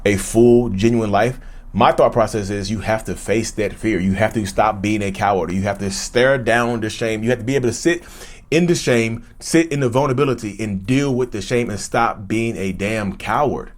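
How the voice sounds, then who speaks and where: A man's voice: on the low side, moderate pace. A man giving an unscripted personal monologue, earnest and emphatic, often repeating and restarting phrases. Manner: speaks frankly and bluntly. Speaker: YouTuber discussing his own narcissism.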